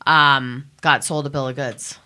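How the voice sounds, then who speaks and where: In a radio studio, a woman running a cannabis testing lab speaks as a talk-show guest, her voice rumbling low with a sharp tone, fairly even intonation, and a measured pace. She is indignant and emphatic, storytelling with quoted voices.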